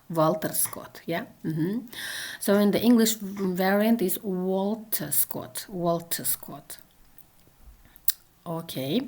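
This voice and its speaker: A woman lecturing on translation theory, halting with frequent fillers and checking in with "yes" as she goes. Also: mid-range voice, a little mellow. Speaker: university lecturer.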